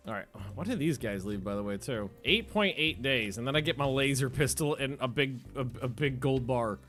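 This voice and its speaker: Bright-voiced man chatting over gameplay. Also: mid-range voice, lively intonation, normal speed, hardly any pauses, faint music behind. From United States. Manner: chatty, rambling, self-correcting. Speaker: streamer. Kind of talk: casual gameplay commentary.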